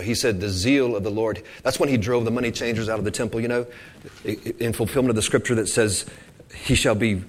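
A man's voice: mid-range voice, husky. A man preaching an informal sermon, earnest and rambling, often repeating words as he goes.

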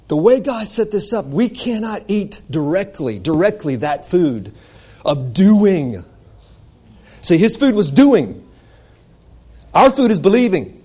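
A male preacher giving a fervent sermon, repeating phrases and building to shouts. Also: high-pitched, very animated, slow pace, long pauses, slightly rough.

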